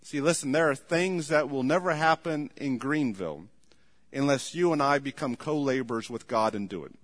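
A male pastor preaching a sermon emphatically, repeating "listen to me" and breaking into loud commands. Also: medium pitch, expressive, normal speed. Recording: long reverb of a large room.

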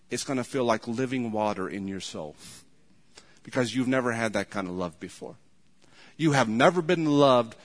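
A man's voice: medium pitch, fairly bright tone. A man preaching a sermon, retelling a story and building to fervent emphasis. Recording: long hall reverb.

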